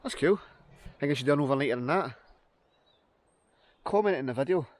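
Out in a forest, a Scottish outdoor vlogger talks casually to camera, chatty and upbeat as he thinks aloud. His voice is on the high side, animated and fairly quick.

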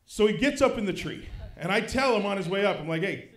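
A man in his thirties doing stand-up comedy on a club stage, swinging from low mutters to loud shouted punchlines. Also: animated, fast talker. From Kansas City, United States. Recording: roomy club sound.

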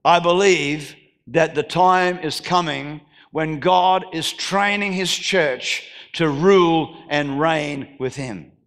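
Here an Australian pastor, his voice a touch high and his pace slow, delivers a sermon in a church hall, calling to the congregation before rising into shouts of declaration.

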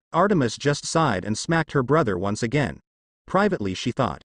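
Expressive man reading fan fiction. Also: medium pitch, moderate pace, breathy edge, no room sound. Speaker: narrator.

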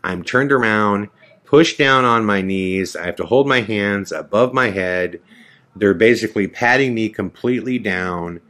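A man hosting a podcast, telling a story from his own life in an animated way and acting out the voices of the people in it. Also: on the low side, measured pace. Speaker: podcast host. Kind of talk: personal storytelling. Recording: podcast audio.

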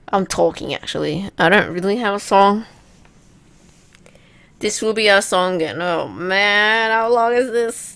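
A young woman casually commenting while playing a video game, chatty and self-mocking, now and then letting out loud whoops. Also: lowish voice, takes it slowly, gravelly, pauses often. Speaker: let's play gamer.

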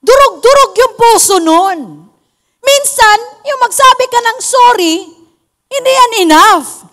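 A Filipino woman delivers a church sermon in a very high voice, unhurried and deliberate. She teaches with emphasis and acts out little quoted exchanges. Her voice rings with the long reverb of a church hall. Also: expressive, fairly bright tone. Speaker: preacher.

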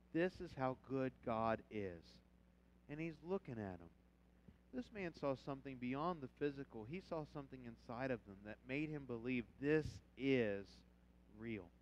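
A male pastor preaching a sermon with animated storytelling, swinging from quiet reading to loud shouts. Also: medium pitch, muffled recording, a little hiss or hum. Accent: Southern Indiana.

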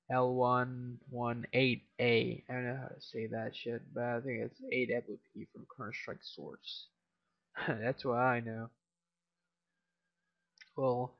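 Tired, swearing teen gamer, gravelly voice. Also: male voice, medium pitch, muffled recording. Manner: tired, mumbling, swears a lot. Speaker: gameplay commentator. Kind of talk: casual game commentary.

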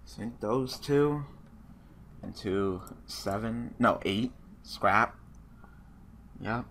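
A man's voice: fairly low pitch, extremely slow, a little hiss or hum. A man giving casual live commentary on his online card game match, swearing freely and talking at his opponent. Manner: profane, excitable, talks to his opponent.

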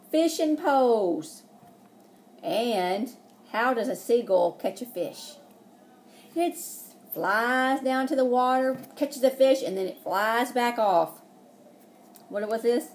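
A woman's voice: a little high, a little hiss or hum. A woman preschool teacher, reading a picture book aloud and asking the children questions.

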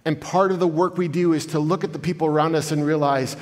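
A man's voice: on the high side, steady tone, quick pace. A man giving an earnest inspirational talk as guest speaker in a church, telling stories to the audience. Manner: earnest, conversational storytelling addressing the audience. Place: large church hall. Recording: echoey church hall.

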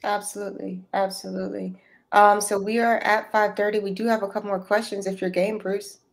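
A woman's voice: mid-range voice, level tone, a little fast, gravelly. Southern lady moderating a video call webinar, reads the questions, polite, says thanks a lot. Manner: polite, thanks askers by name. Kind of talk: reading audience questions.

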